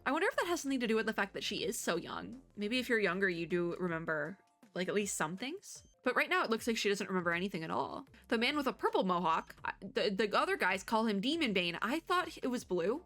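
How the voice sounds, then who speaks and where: A woman's voice: medium pitch, big pitch swings, fast, fairly bright tone, faint music behind. A woman VTuber reading a game story aloud, with chatty, giggly, playfully sarcastic commentary.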